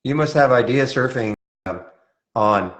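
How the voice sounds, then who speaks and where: A man from Montreal talks casually through a live trading-room session. He answers viewer questions in a relaxed, conversational way, often restarting his sentences. His voice sits at a middle pitch. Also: a little slow. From Montreal, Canada.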